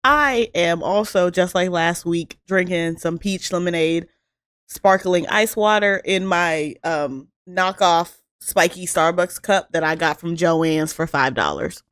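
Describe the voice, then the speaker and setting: A woman's voice: fairly low pitch, unhurried, clear, resonant tone, dry recording, studio quality. A woman from the American South with a Southern accent, co-hosting a casual podcast and telling the story with lots of laughs. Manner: giggly, animated storyteller. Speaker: podcast co-host.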